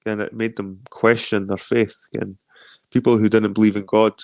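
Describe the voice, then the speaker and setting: A man's voice: on the low side, level tone, normal speed, gravelly, no room sound, studio quality. A Scottish man hosting a stream, chatting loosely and reading out viewer comments, rambling with lots of swearing. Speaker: stream host.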